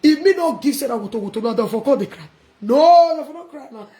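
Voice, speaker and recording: A woman with a Nigerian Pidgin accent ranting defiantly in a casual live video, breaking into laughter and sudden shouts. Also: high voice, lively intonation, quick pace, reverberant, a little hiss or hum. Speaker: vlogger.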